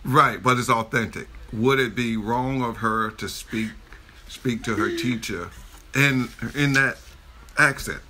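A man with a bright, forceful voice chats casually while reacting to a video. He jokes easily and gets animated, restarting sentences and trailing off mid-thought. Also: mid-range voice, measured pace, a little hiss or hum. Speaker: reaction video co-host, a father.

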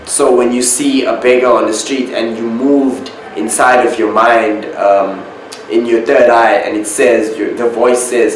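Slow, echoey spiritual talk by a man. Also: mid-range voice, fairly even intonation. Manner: slow, drawn-out, repeats key words for emphasis. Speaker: spiritual channel host. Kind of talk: spiritual monologue to camera. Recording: very echoey room with faint background noise.

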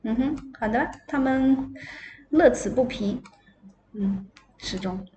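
A woman whose first language is Mandarin Chinese, a parent reading along with a child, softly prompting and echoing words in casual read-along chat. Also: on the high side, takes it slowly, lo-fi sound. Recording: roomy home echo, faint background hiss.

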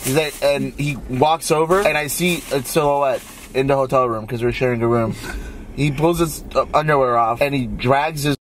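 A man rambling excitedly and complaining about his friend inside a car. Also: medium pitch, moderate pace, a little hiss or hum, poor audio. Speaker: vlogger's friend. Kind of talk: casual joking chat.

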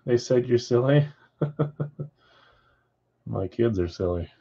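A man's voice: mid-range voice, animated, drawn-out words, dark tone, breathy edge, muffled recording. A man hosting a live card-break stream from home, chatting casually and reading viewer comments aloud. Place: house with a floor above.

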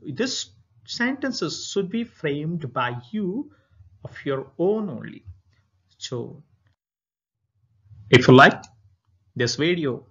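A man with an Indian English accent, an English teacher reading a story aloud deliberately and then addressing his students. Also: on the high side, sing-song, fairly bright tone, highs cut off. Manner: clear, deliberate reading with stress and intonation.

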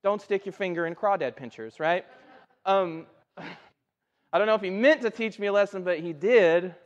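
A man preaching a conversational sermon, telling folksy stories with animated energy. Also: high voice, normal speed. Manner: folksy, animated storytelling with rising excitement. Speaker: pastor. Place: church sanctuary. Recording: dull sound with long hall reverb.

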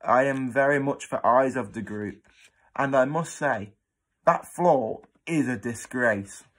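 A man's voice: medium pitch, slow pace, fairly bright tone. A man doing a cheeky, mock-posh boy. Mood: bluffing. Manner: mock-polite, posh, playing for time. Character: cheeky young boy bluffing politely.

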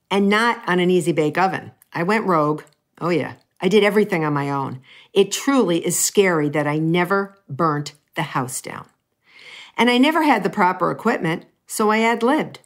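Middle-aged woman chef, fairly low voice, playful storyteller who talks to the viewer. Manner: playful, chatty, asides to the listener. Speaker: pastry chef. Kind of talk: humorous personal storytelling.

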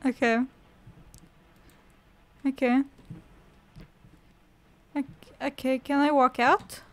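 A woman's voice: sits high, little pitch movement, drawn-out words. A young woman giving casual horror gameplay commentary, joking, sarcastic and swearing freely. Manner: swears a lot, jokey and sarcastic. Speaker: let's play gamer.

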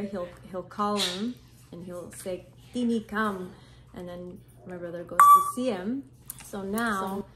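Playful woman vlogging with her parrot. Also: mid-range voice. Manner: playful, coaxing, sing-song when talking to the bird. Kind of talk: casual home vlog talk. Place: home, near a birdcage. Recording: loud background noise with bird sounds. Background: birds squawking and chirping.

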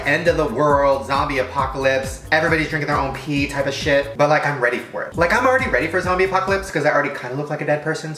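A man's voice: a little high, fairly bright tone, echoey room. A man rambling crudely and swearing through a comedic food-tasting vlog. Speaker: vlogger.

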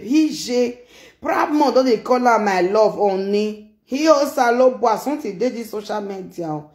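A Nigerian-accented vlogger reacts to online gossip in a loose, exclamatory way, repeating phrases and calling out to viewers. The pitch sits in a middle range. The voice bounces around a roomy, echoey space. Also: animated, normal speed, a little mellow. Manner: exclamatory, repeats phrases, mixes Pidgin and Yoruba. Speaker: social media commentator. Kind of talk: casual reaction commentary.

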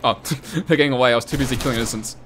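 A young man doing comedic let's-play commentary, rowdy, joking and often yelling and laughing. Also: mid-range voice, very fast, over loud music. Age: young adult. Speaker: gaming YouTuber.

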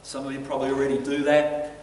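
A man preaching a sermon as pastor, telling stories in an animated way and chuckling between lines. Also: mid-range voice, quick pace, a little hiss or hum. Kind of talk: storytelling sermon. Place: church hall. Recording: echoey church hall from a distance.

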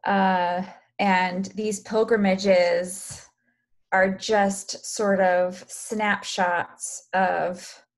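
Woman, group facilitator, unhurried, reflective. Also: on the low side. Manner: slow, reflective, thanking the group. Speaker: workshop facilitator.

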